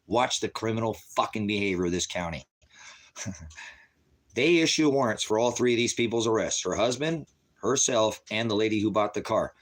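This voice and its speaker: A man's voice: on the low side, a bit bright. A man ranting angrily and profanely to viewers, retelling conversations in quotes. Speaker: ministry vlogger. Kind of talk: angry rant to viewers.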